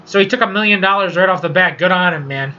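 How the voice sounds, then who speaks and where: Talking quickly in a high, bright, forceful voice, a man hosts an informal one-man sports podcast full of swearing and rambling about his picks and views. The sound quality is dull and lo-fi.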